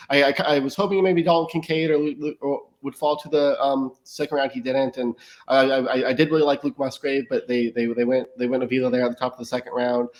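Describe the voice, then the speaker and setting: A man talking as a podcast guest in casual analysis, often stumbling and restarting his words. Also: medium pitch. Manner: rapid talk with frequent stammered restarts.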